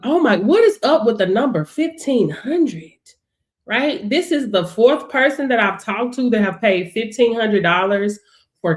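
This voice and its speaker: Black woman coach going live on her phone, fired up, says stuff twice, loud then quiet. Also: mid-range voice. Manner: animated and emphatic, swings loud and soft, repeats phrases. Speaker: business coach. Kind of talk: casual live stream chat.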